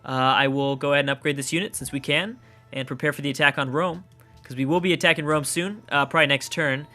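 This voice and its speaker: Bright-voiced Canadian man gaming. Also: fairly high pitch, fairly even intonation, fast, soft background music. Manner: thinks aloud, mutters, swears at setbacks. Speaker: let's play gamer. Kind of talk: casual gameplay commentary.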